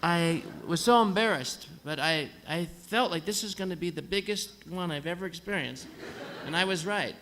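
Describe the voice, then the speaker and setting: A singer on stage in a concert hall tells his audience a dry, funny story, playing the voices of the nurses and doctors. His voice sits high and is a bit bright, at a moderate pace, with slight background noise.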